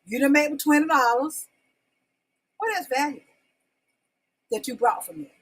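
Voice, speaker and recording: Through a low-quality recording, a woman with a high-sitting voice speaks at a moderate pace while hosting her live-stream talk show. She keeps things folksy, calling her audience y'all and babies, and repeats her questions to get them answering in the comments.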